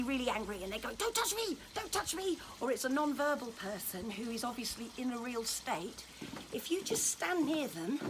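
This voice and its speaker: A woman giving a friendly, chatty massage demonstration lesson, gentle in tone and joking now and then. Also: a little high, noisy background. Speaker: children's touch therapist demonstrating massage. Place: indoors at home during lockdown.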